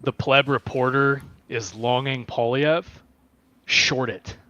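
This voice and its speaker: A man guest on a stream, talking through voting numbers in a measured way. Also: mid-range voice, steady tone, pushed and bright, dry recording, dull audio. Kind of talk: casual political analysis.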